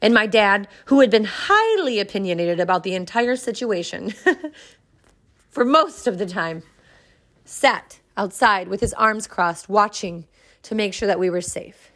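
A woman in her thirties, a podcast host, telling a personal story in an earnest, reflective way with dramatic pauses. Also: mid-range voice, lively intonation, fairly bright tone.

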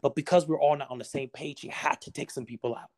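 A man's voice: a little high, steady tone, fast talker. Passionate man preaching in conversation. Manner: passionate, preacher-like, acts out quoted voices. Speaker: podcast guest. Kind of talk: casual motivational conversation.

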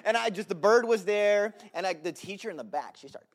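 A man preaching a sermon full of storytelling, swinging between shouts and hushed asides. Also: very high voice, brisk, hardly any pauses. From Southern California.

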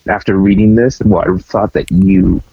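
A man's voice: deep voice, steady tone, moderate pace, slightly rough, no echo, muffled recording. A man in casual chat who mostly chimes in with short replies and teasing questions. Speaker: podcast co-host listening.

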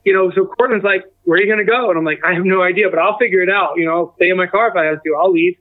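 A man in his forties with a fairly high voice tells his own story as an interview guest. He slips into the voices of the people he quotes. The sound is narrow and tinny, like a remote phone line. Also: rapid-fire. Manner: acts out quoted dialogue with a lively shift in tone. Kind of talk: casual personal storytelling.

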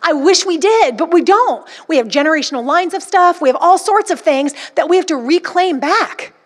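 A woman with a high, bright-pitched voice preaches with fervent emphasis. She climbs higher when she builds to a point and drops low and quiet when quoting scripture. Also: lively intonation, moderate pace. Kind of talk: sermon.

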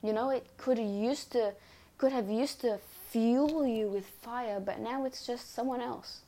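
A woman's voice: on the high side, a little slow, dark tone. Earnest woman coaching a podcast audience. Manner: earnest, repetitive, coaching phrasing. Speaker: podcast host. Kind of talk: reflective self-help monologue.

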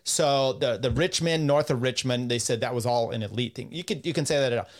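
Halting man talking on a podcast. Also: mid-range voice. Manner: halting, full of uh fillers and restarts. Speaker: podcast host. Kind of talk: casual podcast chat.

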